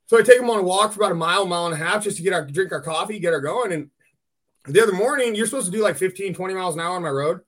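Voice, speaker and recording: A man hosting a podcast, telling a blunt, lively story in casual chat and swearing freely. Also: high-pitched, racing. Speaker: podcast host.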